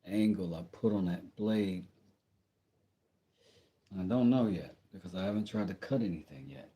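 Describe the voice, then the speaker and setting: A man's voice: sits low, normal speed, dark tone. A man streaming casually as he sharpens and whittles, talking to himself and his chat in a rambling, playful way. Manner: rambling, playful, talks to himself while working. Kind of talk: casual livestream chat while woodworking.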